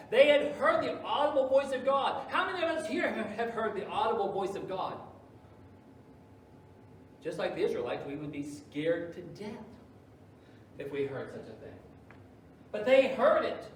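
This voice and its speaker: Pastor, male, sermon delivery with big loud-soft swings, heard from far off in a very echoey church. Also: high voice, sing-song, moderate pace, long pauses. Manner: dramatic swings between loud emphasis and hushed asides. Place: church sanctuary.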